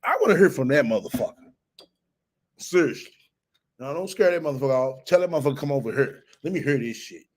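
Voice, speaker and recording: A man hosting a casual commentary stream. He swears freely, mocks and laughs often, and his voice swings up and down with lively pitch. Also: quick pace. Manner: profane, mocking, laughs often. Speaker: host.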